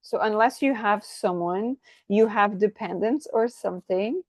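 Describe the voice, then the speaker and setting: A woman giving a channeled tarot reading, effusive and excitable, tripping over her words and asking "right?" again and again. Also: mid-range voice, unhurried, no echo. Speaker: tarot reader.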